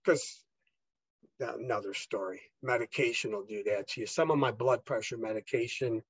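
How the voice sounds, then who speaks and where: A man's voice: mid-range voice, normal speed, husky, no room sound. A man being interviewed, telling his own story in a loose, rambling way, with many fillers and restarts as he re-enacts the dialogue. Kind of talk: casual conversational storytelling.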